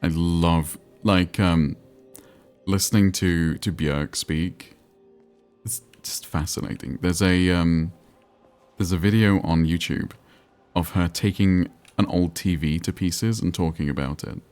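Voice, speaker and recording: A man's voice: sits low, steady tone, slow pace, a little mellow, soft background music. A man streaming a game, chatting and rambling while reading chat aloud. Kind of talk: casual live-stream commentary.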